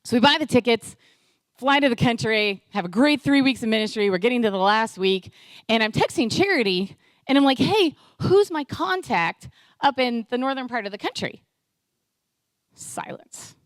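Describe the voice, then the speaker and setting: Lively woman telling a mission story. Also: fairly high pitch, moderate pace, no room sound. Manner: lively, acts out quoted dialogue. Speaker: guest speaker. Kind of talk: storytelling testimony talk.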